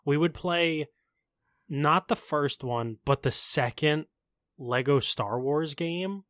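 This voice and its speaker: A man's voice: fairly high pitch, slow pace, fairly bright tone, no echo. Rambling young man. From Long Island, New York. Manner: laid-back, rambling, lots of "like". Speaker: podcast co-host. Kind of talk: casual chat.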